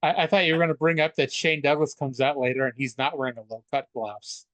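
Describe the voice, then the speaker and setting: A man co-hosting a casual wrestling podcast, chatty and loose, with frequent stammered restarts and offhand swearing. His voice sits a bit high for a man. It is recorded close and dry on a podcast mic. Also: steady tone, fast, a bit bright, no room sound. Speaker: podcast co-host. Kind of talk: casual wrestling recap chat.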